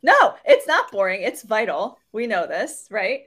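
A woman's voice: mid-range voice, wildly swooping pitch, unhurried, a crowd in the background. A woman co-hosting a podcast in casual chat, talkative and laughing often. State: congested nose. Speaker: podcast co-host.

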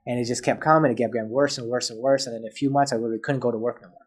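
A man's voice: medium pitch, steady tone, rapid-fire, breathy edge. A man as a podcast guest, telling a personal story in casual chat and acting out both sides of past conversations.

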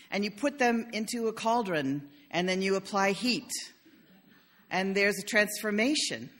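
An older woman pastor giving a conversational sermon in a church, telling stories with humor. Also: medium pitch. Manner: warm storytelling with humor.

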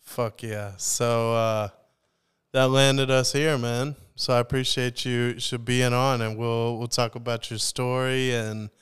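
A male podcast host with a very smooth, resonant voice and a mid-range pitch. He talks in a chatty, upbeat way and keeps things light with jokes. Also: little pitch movement, slow pace, fairly bright tone. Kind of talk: casual podcast conversation.

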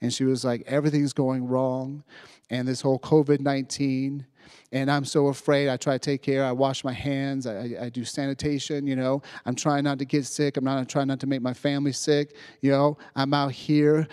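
A man preaches a testimony, recounting a story in plain speech before rising into fervent preaching. His voice sits at an ordinary pitch and is recorded dry and close, with little room sound. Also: a little mellow, no echo. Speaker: youth speaker. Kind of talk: sermon testimony.

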